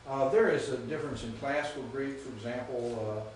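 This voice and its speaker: Here a patient male Greek teacher lectures at a fairly quick pace in a medium-pitched voice, often confirming students' understanding. A distant mic in an echoey room picks him up along with slight hiss or hum.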